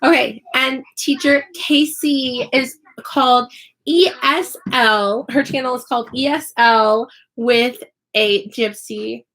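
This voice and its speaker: A woman's voice: sits high, takes it slowly, fairly bright tone. A woman, an online English teacher and YouTuber, chatting on a live stream while crafting, chatty, apologetic and self-deprecating.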